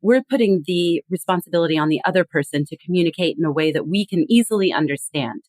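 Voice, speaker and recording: Casting: lower-voiced woman, earnest podcast guest, dry close sound. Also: lively intonation, quick pace, a little mellow, no room sound. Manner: earnest, explanatory, acts out quoted phrases. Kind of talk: conversational podcast interview.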